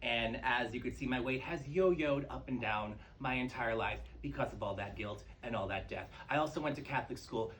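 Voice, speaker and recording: A man doing a stand-up comedy set on a club stage, telling campy, profane stories with big swings in pitch and energy. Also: normal speed, few pauses, a bit bright, slight background noise, poor audio. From New York. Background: audience laughter.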